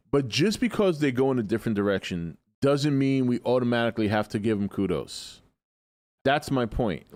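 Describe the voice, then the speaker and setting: A man with a medium-pitched voice hosts a casual live stream, sounding groggy as if he just woke up. He rambles, offers strong opinions while answering chat, and swears freely, all on a dry recording.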